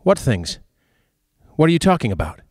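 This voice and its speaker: A man's voice: medium pitch, big pitch swings, moderate pace, a little mellow, dry recording, clean studio sound, voice pushed up. Nervous young clerk, blustering and flustered, voiced by a man.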